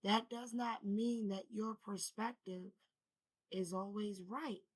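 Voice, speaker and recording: A woman's voice: medium pitch, steady tone, takes it slowly, rough recording. A woman who is feeling unwell talks to her viewers in a loose, rambling way. Her voice stays mostly level, with little rise and fall. It sounds like a casual spiritual vlog. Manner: rambling, loose and conversational, addresses viewers as y'all. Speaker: spiritual vlogger. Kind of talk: casual spiritual talk to camera.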